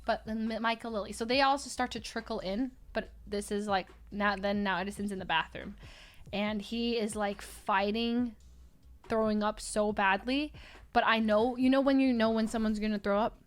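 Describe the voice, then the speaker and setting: A young woman streamer telling a story in casual chat, animated, laughing often and acting out quotes. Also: medium pitch, moderate pace.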